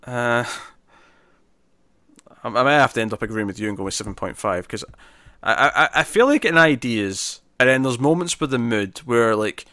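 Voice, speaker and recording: A man co-hosting a casual podcast, chatting through a film review with lots of restarts and animated emphasis. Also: mid-range voice, moderate pace, dry recording, studio quality. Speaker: podcast co-host.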